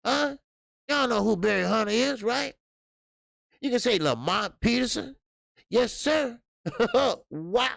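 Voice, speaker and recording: A man's voice: extremely high pitch, lively intonation, slow, gravelly, long pauses, fairly bright tone, dry recording. A man in his fifties hosting a casual live-stream boxing talk show, chatty and rambling, greeting viewers between asides.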